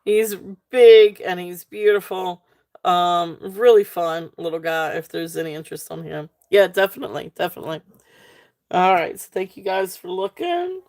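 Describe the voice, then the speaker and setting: A woman's voice: fairly low pitch, expressive, normal speed, a little mellow. A woman with a Southern US accent hosting a live sale, chatting casually with many ums and frequent giggles. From Southern United States. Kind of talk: casual live-stream selling.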